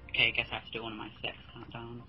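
A man's voice: lowish voice, monotone, very fast, gravelly, lo-fi sound. A young man joining a gameplay session as a guest, joking around and bursting out with laughter and exclamations. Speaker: guest player. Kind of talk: casual gameplay banter.

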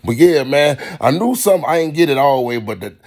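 Gravelly profane man ranting casually. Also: fairly high pitch, fast talker. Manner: profane, rambling, animated rants. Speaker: comedian reviewing a movie. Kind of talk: casual rambling movie review.

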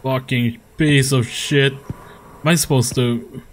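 A man's voice: medium pitch, fairly even intonation, slow pace, a little hiss or hum. A man commenting on a horror game as he plays it, swearing often and laughing at his own frustration. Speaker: gaming YouTuber. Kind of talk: let's play commentary.

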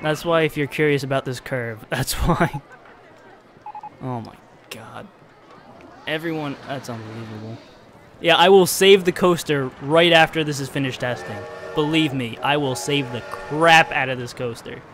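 Excitable man doing gameplay commentary. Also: a little high, normal speed, hardly any pauses, soft background music. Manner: excitable, swings from chatty narration to exasperated outbursts. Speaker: streamer playing a park-building game.

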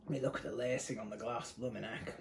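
A man's voice: medium pitch, fairly even intonation, fast, slight background noise, poor audio. A young man from the UK giving a casual, rambling beer tasting review, often correcting himself mid-sentence. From United Kingdom. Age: young adult. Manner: chatty, rambling, self-correcting.

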